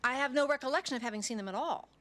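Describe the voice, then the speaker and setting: Casting: a defensive woman on trial, high bright voice, hesitant answers. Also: very fast. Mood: evasive. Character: woman on trial for two killings, evasive. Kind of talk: TV movie courtroom drama.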